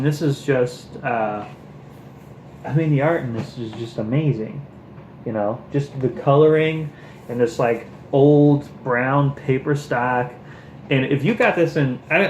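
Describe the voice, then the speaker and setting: A man's voice: medium pitch, darkish tone, roomy sound, slight background noise, low-quality recording. A man chatting casually about books he picked up, enthusiastic and rambling, with lots of fillers. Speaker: book vlogger. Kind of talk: casual show-and-tell chat.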